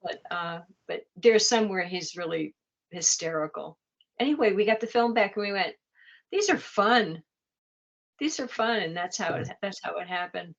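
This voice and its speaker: A woman's voice: on the low side, brisk, gravelly, highs cut off. An older woman, a guest in a casual chat, telling anecdotes with laughter. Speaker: interview guest. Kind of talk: casual storytelling.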